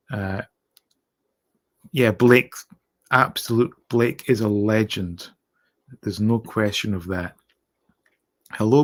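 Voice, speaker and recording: A Scottish man with an accent softened by years abroad, hosting a late-night livestream and reading out viewer comments in a rambling, halting way. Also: on the low side. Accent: Scottish, softened by years in North America. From Scotland. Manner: rambling, halting, lots of uh and restarts, thanks viewers. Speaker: livestream host.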